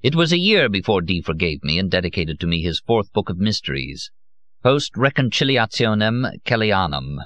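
A man reading an audiobook in an expressive, theatrical way. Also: low voice, normal speed, no echo. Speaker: audiobook narrator.

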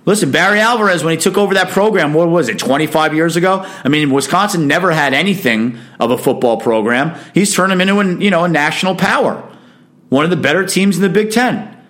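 A man's voice: a little high, fast, fairly bright tone. A man hosting a casual sports talk show, giving emphatic, opinionated commentary in a chatty monologue.

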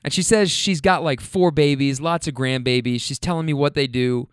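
A man's voice: on the high side, moderate pace, smooth, dry recording, studio quality. A man, a rideshare driver, casually telling funny stories about his passengers, laughing and swearing as he goes. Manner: animated, laughing, profane. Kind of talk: casual storytelling.

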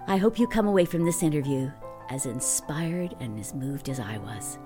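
A woman hosting a podcast, reading a calm, gentle scripted intro and outro. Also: extremely low pitch, normal speed. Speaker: podcast host. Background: music.

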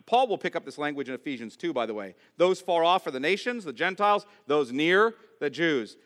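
A man delivers a sermon in a bright, somewhat high voice. His pitch moves a lot as he builds emphasis, with long dramatic pauses. He preaches slowly and deliberately. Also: expressive, in a large hall. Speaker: pastor.

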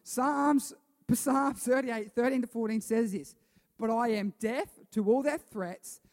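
High-voiced male pastor in a reverberant hall. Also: measured pace, a little mellow. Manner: chatty, repeats himself, asks the congregation questions. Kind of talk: sermon. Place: church hall with a congregation. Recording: long reverb of a church hall.

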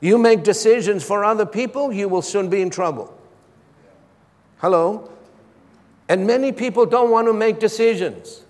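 A man's voice: high voice, moderate pace, long pauses, a little mellow. A man preaching a sermon as a pastor, asking his congregation for responses between points. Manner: preaching with call-and-response asides. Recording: long hall reverb.

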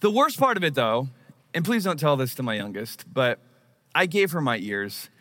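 A man's voice: medium pitch, very animated, normal speed, fairly bright tone. A man in his thirties preaching a sermon, telling a personal story in a conversational, self-deprecating way. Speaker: pastor.

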